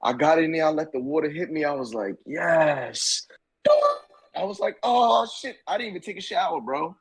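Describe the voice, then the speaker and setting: A man's voice: fairly high pitch, lively intonation, fast, breathy edge, rough recording. A man on a podcast telling joking stories in a laid-back, swearing, casual way. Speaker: podcast guest, army veteran. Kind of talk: casual chat, storytelling.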